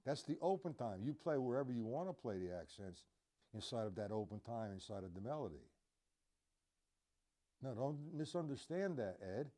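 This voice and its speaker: A man's voice: medium pitch, mellow. A man teaching drums on a live stream, talking casually and counting out beats as he demonstrates. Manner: casual, demonstrative, counts beats aloud and scats drum sounds. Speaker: drum teacher. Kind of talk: live-streamed drum lesson.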